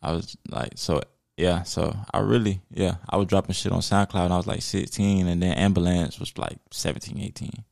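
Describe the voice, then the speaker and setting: A raspy young man, a hip hop artist, talking in a relaxed, rambling way with plenty of fillers in a casual podcast interview. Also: low voice, fairly quick, hardly any pauses, no room sound, clean studio sound.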